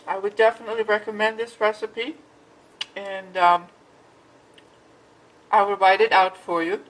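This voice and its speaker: Recorded in low quality, this woman has a medium-pitched voice and a measured pace broken by long pauses. As a vlogger making a cooking video, she stands in her home kitchen mixing and tasting her baking, relaxed and chatty, speaking between bites.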